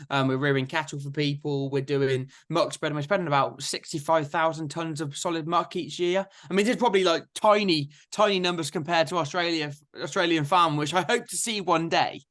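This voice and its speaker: A young man, telling his story in a lively, chatty interview. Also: a little high, fairly quick, few pauses. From England. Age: 20s. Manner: chatty, energetic anecdotes with frequent "so therefore". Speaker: guest farmer.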